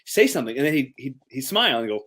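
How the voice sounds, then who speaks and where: A man chatting casually as a podcast co-host, wandering off on tangents and apologizing for them. He laughs at himself often. His voice sits in an ordinary middle pitch. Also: sing-song, rapid-fire, fairly bright tone. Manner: rambling, apologetic, self-deprecating, laughs often. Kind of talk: casual chat.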